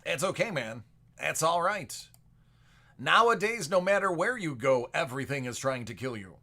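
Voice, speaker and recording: A man's voice: fairly high pitch, big pitch swings, normal speed, creaky, bright, forceful tone. A man hosting a sports card break livestream, chatting and joking casually with his viewers.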